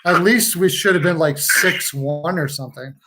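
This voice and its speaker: A man's voice: a little high, normal speed, heavy background noise. A young man hosting a casual live hockey chat, rambling and reading out viewer comments. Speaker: podcast host.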